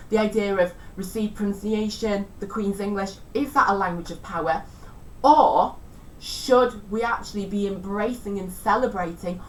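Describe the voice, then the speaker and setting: A woman's voice: mid-range voice, recorded from a distance, a little hiss or hum, poor audio. A woman teaching a revision lesson in a chatty, self-deprecating way. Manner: chatty, self-deprecating, tries out regional accents.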